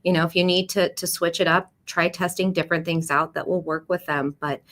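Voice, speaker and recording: A woman's voice: lowish voice, flat delivery, a little fast, a bit bright. A woman hosting a caregiving livestream, introducing topics and guests with fillers and repeated words. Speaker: livestream host. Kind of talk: livestream panel talk.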